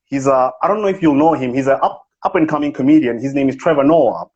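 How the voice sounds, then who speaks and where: A man's voice: medium pitch, fast talker, darkish tone, slightly rough, natural voice. A man doing a comedic impression of a boastful, self-important business speaker with a South African accent, scolding and bragging on a phone video call. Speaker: impersonator. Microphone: phone on a live video call. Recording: lo-fi livestream audio.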